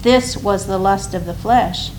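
Slow, deliberate woman reading aloud. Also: medium pitch, a little mellow, slight background noise, low-quality recording. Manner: measured, deliberate. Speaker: reader. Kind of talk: scripted reading of a devotional commentary.

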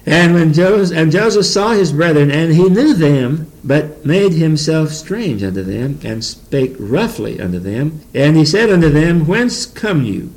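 A man preaching a Bible teaching sermon. His voice sits a little high for a man, and he reads scripture in the old phrasing. Between verses he turns folksy and chuckles. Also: sing-song, a little slow, few pauses, darkish tone, rough recording.

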